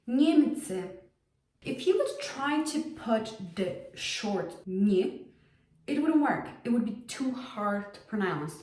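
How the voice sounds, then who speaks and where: A woman teaching a language lesson, saying sounds slowly and repeating them for learners. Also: a little high, lively intonation, darkish tone. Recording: roomy echo.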